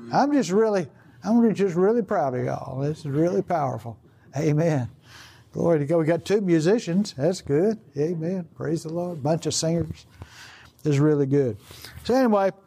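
Older preacher, high mellow voice. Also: male voice, breathy edge. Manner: rambling, conversational, full of "you know" and restarts. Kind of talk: sermon. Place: outdoor gathering.

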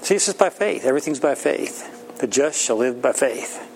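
A man's voice: mid-range voice, animated, normal speed, a little hiss or hum, low-quality recording. A middle-aged man preaching an informal sermon in a folksy, plain-spoken way, often laughing.

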